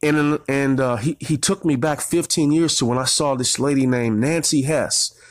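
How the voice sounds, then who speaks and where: A man's voice: medium pitch, moderate pace, dry recording. Man, forties, motivational coach, earnest and tearful, repeats himself, dry close sound. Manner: emotional, fighting back tears, repeats phrases. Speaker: marketing coach. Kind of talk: motivational talk.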